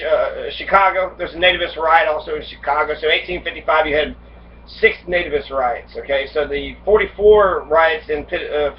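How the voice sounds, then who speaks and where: A man giving a casual history lecture, reading passages and then riffing on them with heavy profanity. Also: a little high. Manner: acts out immigrants' complaints in angry voice. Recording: dull distant lo-fi recording with faint noise.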